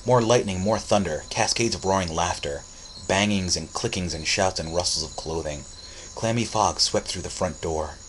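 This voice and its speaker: A man with a deep, low voice reads a story aloud. His delivery is steady and dramatic. A faint hum of crickets sits behind him. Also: normal speed. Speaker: narrator. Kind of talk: audiobook reading.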